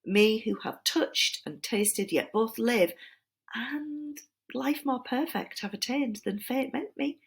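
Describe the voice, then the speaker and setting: A woman voicing a sly, flattering male serpent tempter, wheedling and dropping into breathy whispers. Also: a little high, slow, voice pushed up, exaggerated voice. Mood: persuasive. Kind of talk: dramatized reading of a poem.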